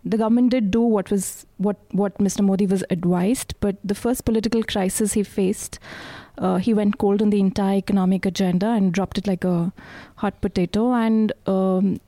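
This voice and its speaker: A woman with an Indian English accent, an author answering interview questions in a measured way with pauses. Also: mid-range voice, fairly even intonation, dark tone, no room sound. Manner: measured, hesitant with fillers. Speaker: author guest.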